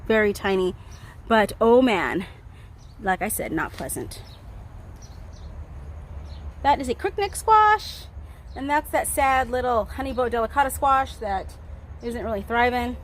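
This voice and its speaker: A woman giving a casual garden tour vlog outdoors, chatty and excitable, laughing often as she talks into a handheld phone. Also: fairly high pitch, a little slow, pauses often, slight background noise. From Southern California. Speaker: garden vlogger.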